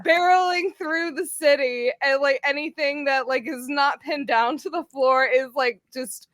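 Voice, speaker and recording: A woman player in a tabletop game chats with lively energy, describing her character's actions. Her voice is very high and bright, and it swings widely. It sounds dry and close. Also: unhurried, dry recording. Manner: chatty and animated, narrating her character. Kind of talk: tabletop role-play.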